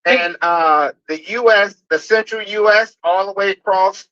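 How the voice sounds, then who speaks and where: A man phoning in to a livestream and chatting in a plain, slightly halting way. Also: high-pitched, pushed and bright. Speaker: caller. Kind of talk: phone-in call. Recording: dull lo-fi call audio.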